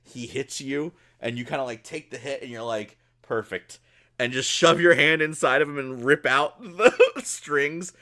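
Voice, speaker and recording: A man narrating a tabletop game as game master, casual and excitable, often laughing as he describes the action. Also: mid-range voice, moderate pace, hardly any pauses.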